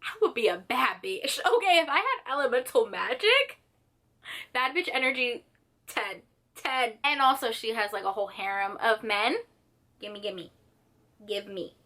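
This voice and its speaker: A young woman talks casually to her viewers about her favorite books. She gushes in an animated way and fills her speech with "like". Her voice is bright and sits slightly high. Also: normal speed. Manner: gushing, animated, lots of "like". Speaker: book vlogger. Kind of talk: casual chat.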